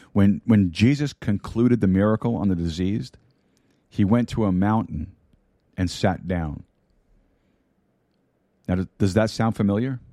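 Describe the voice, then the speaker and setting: A man's voice: on the low side, dark tone, no echo. A man preaching a sermon into a studio microphone, repeating key lines and dropping in light humor. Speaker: pastor. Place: broadcast studio.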